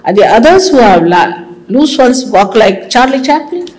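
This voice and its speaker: Animated woman giving a sermon. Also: fairly high pitch, normal speed, noisy background. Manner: animated, teasing, scolding with humor. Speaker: spiritual teacher. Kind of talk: sermon to followers.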